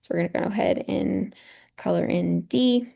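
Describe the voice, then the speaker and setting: A woman's voice: medium pitch, moderate pace, gravelly, warm tone. A woman teacher walking through a poem on a shared screen, patiently explaining and checking in with a rhetorical "right?". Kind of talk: screen-share lesson walkthrough.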